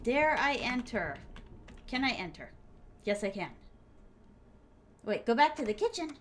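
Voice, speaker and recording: A young woman game streamer gives excitable live commentary, chatting with her viewers as she plays. Her voice sits high and swings widely in pitch. She keeps up a running patter of reactions to everything on screen. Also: a little slow, slight background noise. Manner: excitable, talks to herself and chat while playing.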